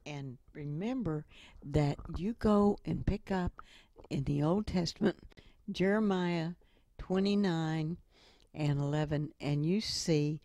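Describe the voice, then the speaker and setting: A middle-aged woman giving a motivational talk with stories, speaking slowly and deliberately. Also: sits low, mellow, no echo. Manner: slow and deliberate, with acted quotes. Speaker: inspirational speaker.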